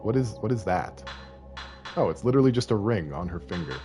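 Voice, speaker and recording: A man's voice: on the low side, expressive, a little fast, music in the background. Joking Canadian man streaming a game. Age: late 30s. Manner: joking, self-deprecating, chatting with viewers. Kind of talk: casual game stream commentary.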